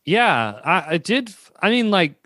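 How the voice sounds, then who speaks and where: Animated young man telling a story. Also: high voice, measured pace, no echo, clean studio sound. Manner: animated, laughing, acts out quoted dialogue. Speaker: storyteller telling about his vaccine visit. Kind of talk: casual chat.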